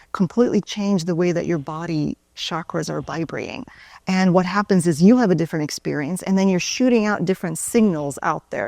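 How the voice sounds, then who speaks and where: A woman's voice: fairly low pitch, vocal fry, mellow, no echo. A woman speaker, once a yoga and Pilates teacher, telling stories in a loose conversational way and often asking "right?". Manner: conversational, tags sentences with "right?". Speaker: conference speaker, former yoga and Pilates instructor. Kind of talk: storytelling talk.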